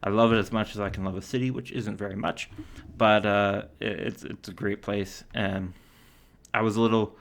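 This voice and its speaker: A man's voice: on the low side, little pitch movement, normal speed, creaky, slight background noise. A man from Canada giving casual solo commentary, reading out stats and quotes with lots of fillers. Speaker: hockey commentator.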